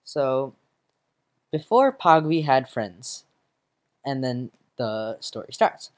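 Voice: mid-range voice, sing-song, takes it slowly. A presenter casually narrating a comic strip panel by panel, with fillers. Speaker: magazine presenter.

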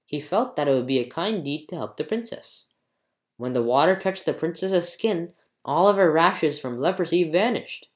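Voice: mid-range voice, animated, normal speed, echoey room. A storyteller giving a scripted book review and then reading a folktale aloud with dramatic expression.

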